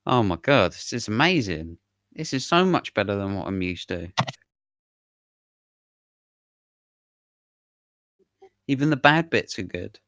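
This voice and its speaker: A man's voice: fairly low pitch, very animated, normal speed, a bit bright, dry recording, studio quality. A man voicing a humble male goblin who talks meekly and hesitantly. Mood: delighted. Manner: meek, grateful, hesitant. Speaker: player.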